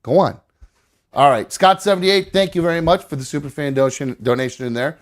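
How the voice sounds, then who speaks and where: This man hosts a live call-in stream, chatting casually in a rambling way, swearing freely and often restarting his sentences. His voice is fairly high and his delivery a little fast.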